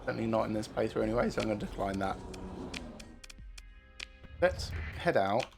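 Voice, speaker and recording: A man giving casual gameplay commentary as a streamer, thinking aloud with many filler pauses. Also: fairly low pitch, expressive, creaky, over music.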